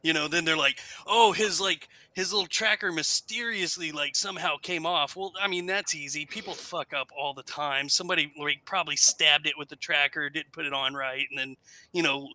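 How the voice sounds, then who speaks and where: A man's voice: on the high side, fairly quick, bright, forceful tone, poor audio. A man chatting as a guest, laid-back and skeptical, brushing off wild theories with plain explanations. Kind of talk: casual chat.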